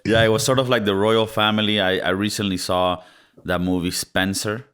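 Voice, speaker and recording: A man co-hosting a casual movie review podcast, talking in an animated way and slipping into mock accents. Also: lowish voice, moderate pace, clean tone. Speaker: podcast co-host.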